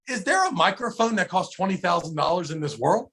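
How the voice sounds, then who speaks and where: A creaky, high-sitting male voice at a fairly quick pace belongs to a podcast co-host telling a story in casual chat. He curses freely and brings quotes to life in an animated way.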